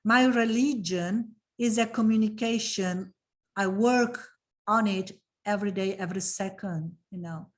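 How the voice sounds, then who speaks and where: Slow, emphatic woman trainer. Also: mid-range voice. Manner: emphatic, repeats phrases, emotional about her subject. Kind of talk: online training session.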